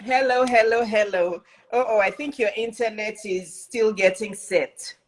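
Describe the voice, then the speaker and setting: A woman's voice: medium pitch, measured pace, low-quality recording. Chatty woman hosting a live show. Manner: warm and repetitive, greets and welcomes over and over. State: has a cough drop in her mouth. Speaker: host. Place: home.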